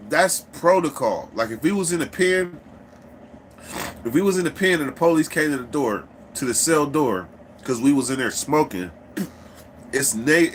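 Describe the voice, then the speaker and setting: A man's voice: on the high side, a little hiss or hum. A man casually telling a story, swearing freely and acting out the people in it. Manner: profane, animated, acts out quoted people.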